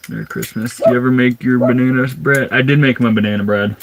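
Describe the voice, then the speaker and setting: A young man from Minnesota chatting casually on a livestream from his converted school bus, answering viewers in a relaxed way. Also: medium pitch, quick pace, noisy background.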